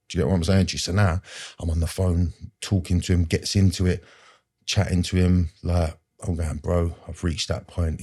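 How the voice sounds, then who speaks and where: A man with a low, mellow voice recounts his personal story while talking as a guest on a podcast. He rambles earnestly, uses plenty of street slang, and leans repeatedly on "like" and "do you know".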